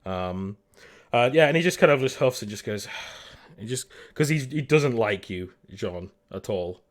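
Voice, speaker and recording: A man running a tabletop role-playing game as game master. He narrates the scene in a loose, halting way, full of fillers and restarts. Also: on the low side, animated.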